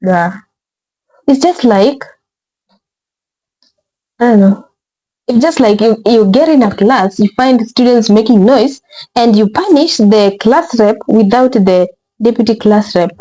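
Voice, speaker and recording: A woman's voice: on the high side, measured pace, long pauses, dark tone, low-quality recording. A woman hosting a reaction video, talking casually and rambling, with exasperated asides. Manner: rambling, exasperated, repeats words, says bruh.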